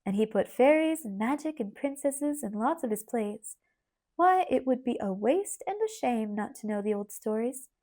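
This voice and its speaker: A woman's voice: on the high side, animated, moderate pace, dark tone, natural voice. Woman doing a peppery twangy aunt. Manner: peppery, teacherly, emphatic. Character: bustling middle-aged woman teacher, peppery and brisk. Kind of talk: audiobook character voice.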